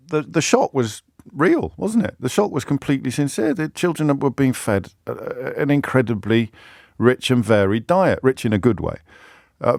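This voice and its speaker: A man's voice: mid-range voice, gravelly, a little mellow, dry recording. A man hosting a radio phone-in from a studio, talking in a chatty, self-mocking way with frequent restarts and repeated words. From Britain. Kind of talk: talk radio monologue. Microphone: studio microphone.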